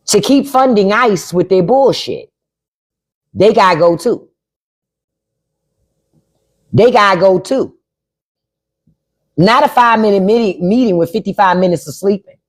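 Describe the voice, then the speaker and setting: Blunt, lively-voiced woman livestreamer. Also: mid-range voice, measured pace, long pauses. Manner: blunt, profane, repeats herself for emphasis; reads out chat and spells names. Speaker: podcast host. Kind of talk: casual live-stream chat.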